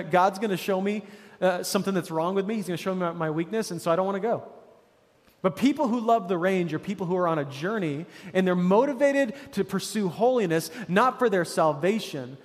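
High-voiced pastor preaching in a reverberant hall. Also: male voice. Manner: casual, conversational preaching with many restarts and fillers. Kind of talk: sermon.

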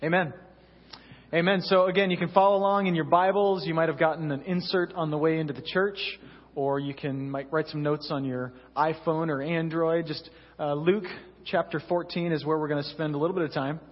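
A young male pastor delivers a chatty, story-driven sermon in a slightly high, husky voice. The sound is dull and lo-fi, with a long hall reverb around him. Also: steady tone, a little fast. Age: young adult. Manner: conversational storytelling, frequent "you know". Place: church sanctuary.

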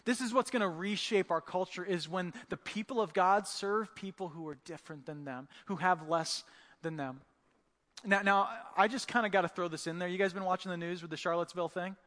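High-voiced pastor preaching conversationally. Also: male voice. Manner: conversational, animated, acts out voices of the disciples and Jesus. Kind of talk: sermon. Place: church. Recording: church hall reverb.

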